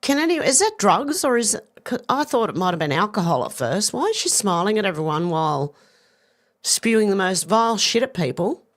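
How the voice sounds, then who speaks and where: A woman commentator reacts to footage with indignant disbelief. Her pitch swings widely as she talks. Her voice-over is steady and unhurried. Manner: exasperated, indignant remarks. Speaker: news commentator. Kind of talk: opinion commentary over video clips.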